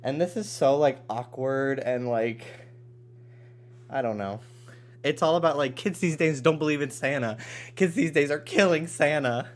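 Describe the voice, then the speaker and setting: A man's voice: a little high, moderate pace. A man hosting a live stream from his apartment, chatting casually and rambling with lots of fillers. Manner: rambling, filler-heavy, greets viewers by name. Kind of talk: casual chat with viewers. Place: home apartment.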